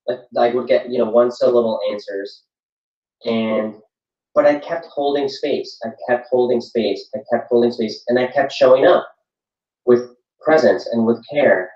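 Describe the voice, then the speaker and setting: A man's voice: medium pitch, unhurried, a little mellow. Earnest man, echoey room from afar. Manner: earnest, repetitive, reflective. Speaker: parenting workshop speaker. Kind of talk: workshop talk. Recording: echoey room from far off, dull sound.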